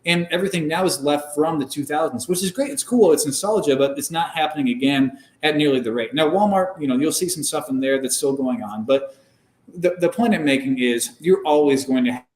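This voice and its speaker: A young man, a former race car driver, explains things in a measured casual way, with frequent filler words. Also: on the high side. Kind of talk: casual conversational interview. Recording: roomy echo.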